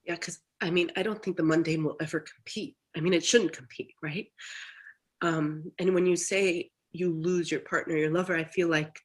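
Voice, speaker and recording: Halting, reflective woman on a video call. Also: fairly low pitch, steady tone, husky, low-quality recording. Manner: halting, reflective, many restarts. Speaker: therapy client. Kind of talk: candid personal talk.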